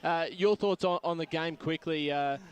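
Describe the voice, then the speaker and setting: Easygoing footy commentator. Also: male voice, fairly high pitch. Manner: easygoing, halting with restarts. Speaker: radio football commentator. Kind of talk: pre-match radio chat. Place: outdoors at a football ground.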